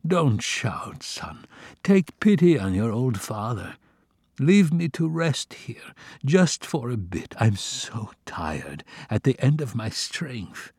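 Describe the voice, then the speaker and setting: Guy reading a worn-out old dad, soft, slow, begging to rest, medium pitch. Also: sing-song, slightly rough, dry recording, studio quality, heavily acted. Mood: weary, tender. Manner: weak, pleading, slow and soft. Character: exhausted, dying old father, man, pleading and gentle.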